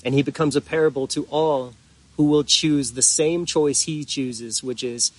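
Slow, earnest male preacher. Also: on the high side, steady tone. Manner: slow, earnest preaching with drawn-out emphatic pauses. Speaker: pastor. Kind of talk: sermon.

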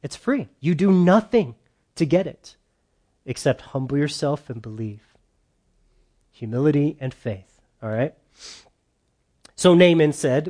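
A man's voice: a little high, lively intonation, takes it slowly, pauses often, a little mellow. Emphatic conversational preacher, a man. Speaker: pastor. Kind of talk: sermon. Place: church.

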